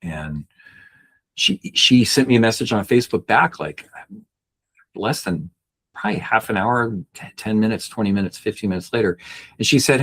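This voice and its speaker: A man's voice: expressive, brisk, fairly bright tone. A middle-aged man, a podcast guest, telling a personal story earnestly and acting out the people he quotes. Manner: earnest, acts out quoted people with raised pitch.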